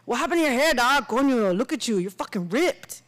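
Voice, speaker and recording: A woman's voice: high-pitched, expressive, brisk, fairly bright tone, pitched above the performer's own voice, rough recording. A woman voicing a brash, crude young man who trash-talks a former classmate with swagger and profanity. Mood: mocking.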